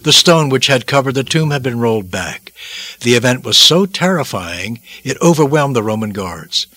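A man's voice: mid-range voice, lively intonation, moderate pace, sharp tone, dry recording. A man preaching a devotional sermon, dramatic and emphatic, repeating phrases for weight.

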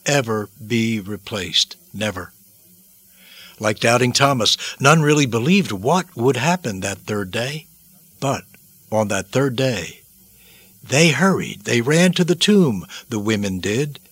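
A man preaching a dramatic sermon narration, solemn and theatrical, swinging between hushed and loud. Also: medium pitch, dry recording.

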